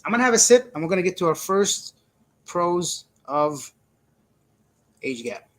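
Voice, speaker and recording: A man's voice: high-pitched, big pitch swings, unhurried, fairly bright tone. A man hosting a casual live stream, chatty and laughing often as he greets viewers and reads their comments aloud. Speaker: livestream host reading chat. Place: indoors, living in Cebu.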